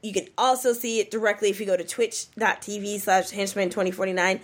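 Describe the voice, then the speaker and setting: A woman's voice: medium pitch, steady tone, fairly quick. A woman co-hosting a podcast, reading out upbeat, chatty plugs at the end of a show, sometimes singing a word. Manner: upbeat, chatty, sings some words. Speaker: podcast co-host. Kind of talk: casual show outro with plugs.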